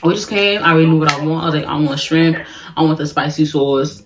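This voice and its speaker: Slangy, animated young woman with a New York accent. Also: sits low, fast, over music, rough recording. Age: 20s. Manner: animated, slangy, acts out quotes. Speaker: vlogger. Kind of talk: casual storytime vlog.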